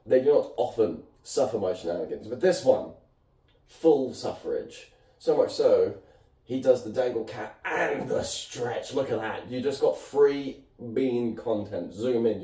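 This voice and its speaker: A man's voice: medium pitch, mellow, recorded from a distance. A man chatting casually on his vlog, playful as he shows off his cats. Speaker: vlogger. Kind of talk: casual vlog talking to camera. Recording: roomy echo, voice from off the mic.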